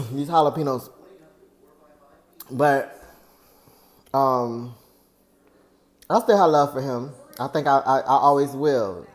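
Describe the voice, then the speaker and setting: A man, talking earnestly and at length to his viewers in a personal vlog, venting about a friend. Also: medium pitch. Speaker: vlogger.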